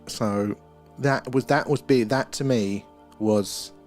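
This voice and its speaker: Casting: excitable male live-stream host, mid pitch, rambling, faint music behind. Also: takes it slowly. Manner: excitable, rambling, talks to chat viewers by name. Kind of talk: live-stream chat and sky-watch commentary. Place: outdoors at night.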